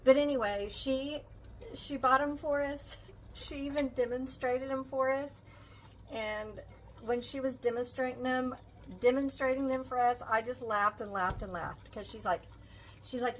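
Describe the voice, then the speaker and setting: Cooking at home, an older woman vlogger talks casually to her audience in a tender, emotional way. She speaks a little high at a normal speed, and the low-quality recording carries a little hiss or hum.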